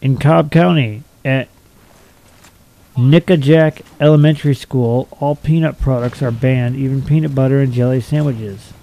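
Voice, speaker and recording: A young man reads out a list of strange laws and tears into each one with crude, mocking commentary. His voice sits at a middling pitch with a mellow, dark tone. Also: fairly even intonation, moderate pace, low-quality recording. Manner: blunt, profane and mocking. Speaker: video commentator. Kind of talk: reading out and ranting about silly laws.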